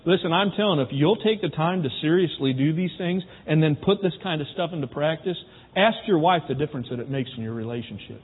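A man preaching a folksy sermon on marriage, teaching through anecdotes with a husky voice. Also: a little high, quick pace. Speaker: pastor. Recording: tinny, phone-like, long hall reverb.

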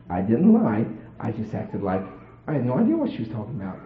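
A man with a lowish voice tells a folksy story to an audience, his pitch rising and falling with animation. He talks in a plain, colloquial way. The audio is roomy and narrow, like it is heard over a phone. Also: a little fast. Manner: plain-spoken, colloquial, lively and playful. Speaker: storyteller addressing a crowd. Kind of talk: folksy anecdote told to an audience.

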